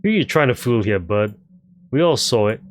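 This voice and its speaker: A man's voice: on the low side, expressive, fairly quick, a little hiss or hum, lightly acted. A man voicing an aggressive young bully who swears and threatens while looking for his missing girlfriend. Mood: contemptuous.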